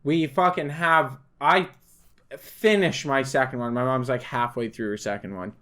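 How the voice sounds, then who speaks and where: A man's voice: medium pitch, moderate pace. A young man co-hosting a podcast, telling drinking stories in a rambling, profane, casual way. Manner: rambling, profane storytelling that grows loud and laughing. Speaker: podcast co-host. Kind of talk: casual chat.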